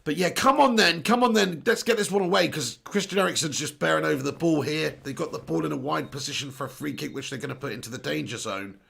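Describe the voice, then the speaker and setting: Young guy hosting a footy watch-along stream, reads chat out, joking around, high voice, gravelly. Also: fast talker, few pauses, a bit bright. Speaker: live stream host. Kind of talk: football watch-along commentary.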